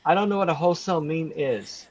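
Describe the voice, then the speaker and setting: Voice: medium pitch, lively intonation, quick pace, darkish tone, poor audio. A co-host on a casual craft livestream, easygoing, welcoming viewers and explaining the project.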